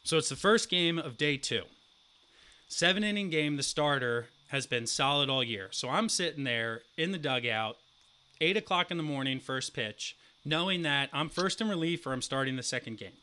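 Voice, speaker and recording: Young man, bright forceful voice, slightly high, profane animated storyteller, casual sports podcast co-host. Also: normal speed, smooth. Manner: profane, animated storyteller who acts out quotes loudly.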